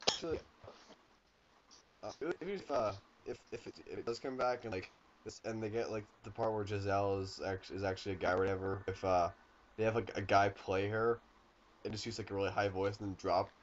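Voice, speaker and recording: A man's voice: lowish voice, fairly even intonation, fairly quick. Give me a man co-hosting a podcast in loose banter, with a dull, slightly noisy recording. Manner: laughs and swears freely. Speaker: podcast co-host. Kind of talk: casual chat. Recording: dull lo-fi with faint noise.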